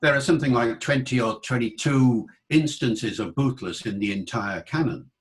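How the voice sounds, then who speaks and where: A man's voice: mid-range voice, moderate pace, poor audio. An older British man, a linguist guest in an interview, explaining in an engaged way and demonstrating pronunciations aloud. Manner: explanatory, demonstrates accents by voicing examples. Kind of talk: interview conversation.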